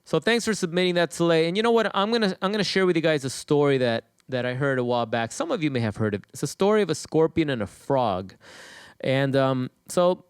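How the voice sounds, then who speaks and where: A male host speaking to viewers in a blunt, hammering style, full of repetition and swearing. His voice is smooth and resonant, pitched a little high, and recorded dry and close. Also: a little fast, no room sound. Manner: emphatic, repetitive and profane. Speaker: channel host. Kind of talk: casual monologue to viewers.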